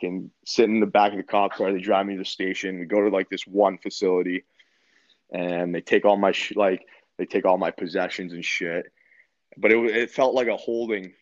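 In a dull, slightly muffled, dry recording, a twenty-something man from Canada relaxedly spins a story. His pitch is fairly low, and his talk is packed with curse words and fillers.

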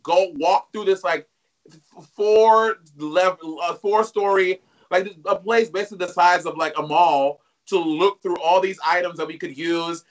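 A man with a high, bright voice chatting as a guest. His talk is candid and expressive, and he rambles through his stories. His tone has a sharp, forward edge. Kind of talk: casual chat.

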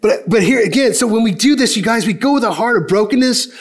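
A man's voice: expressive, fast. Storytelling male pastor in his fifties. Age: 50s. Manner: storytelling, acting out dialogue in lowered voices. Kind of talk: sermon.

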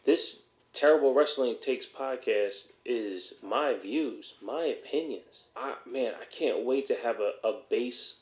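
A man's voice: medium pitch, slow, few pauses. A man hosting a solo podcast, ranting bluntly and heatedly, swearing often. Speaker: podcast host.

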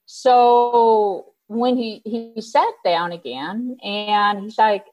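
A woman casually telling a personal story out loud, animated, laughing often and acting out the lines she quotes. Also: on the high side, very slow, highs cut off. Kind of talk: casual spoken anecdote.

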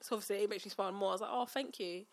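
Fast-talking woman, animated. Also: mid-range voice. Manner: animated storyteller, acts out quotes. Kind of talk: casual chat.

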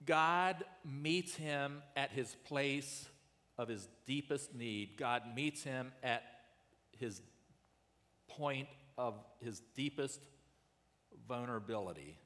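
A male pastor preaching a sermon in an earnest way, rising loud and then dropping soft. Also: medium pitch, slow pace, big-room sound.

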